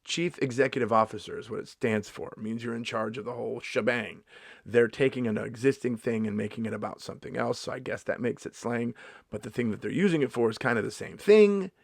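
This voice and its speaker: A man's voice: medium pitch, fairly quick, vocal fry, dry recording. Man in his fifties, comedian, sarcastic rant, swears freely, mock-indignant, dry close sound. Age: 50s. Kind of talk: comedic vlog monologue.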